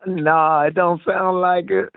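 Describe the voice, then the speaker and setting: A man from Fresno calling into a sports talk show, talking in a friendly, halting, rambling way. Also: mid-range voice. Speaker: caller. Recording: phone line.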